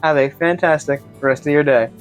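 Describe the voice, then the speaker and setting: A man's voice: on the high side, steady tone, brisk, faint music behind. A man hosting a comedic cooking vlog, narrating in a playful, mock-grand showman way. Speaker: cooking show host.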